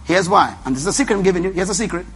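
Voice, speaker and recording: A man's voice: high voice, lively intonation, very fast, fairly bright tone, husky. A man preaching a motivational sermon, emphatic and repetitive, who tells his audience what to write down. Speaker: preacher and leadership speaker.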